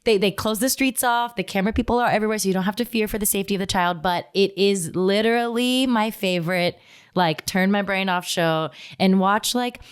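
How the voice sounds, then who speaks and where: A young woman chatting as a podcast guest. She tells stories animatedly and speeds up in quick bursts. Her voice is at an ordinary pitch for a woman. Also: clear, resonant tone. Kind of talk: casual chat.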